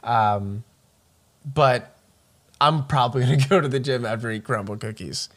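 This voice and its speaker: A man's voice: medium pitch, normal speed, fairly bright tone. A man co-hosting a casual comedy podcast, joking, swearing and laughing often. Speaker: podcast co-host.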